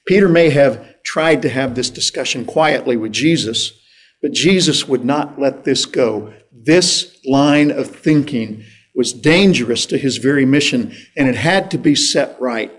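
A male pastor delivering a sermon at an unhurried pace. He speaks deliberately and leans on pauses to land each point. His voice sits in an ordinary middle register. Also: medium pitch, lively intonation. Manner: slow, deliberate preaching with emphatic pauses.

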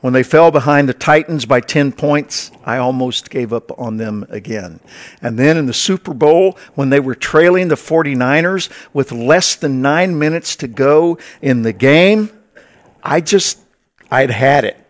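A man's voice: medium pitch, moderate pace. A man preaching a sermon as pastor to his congregation, in a conversational way with wry asides.

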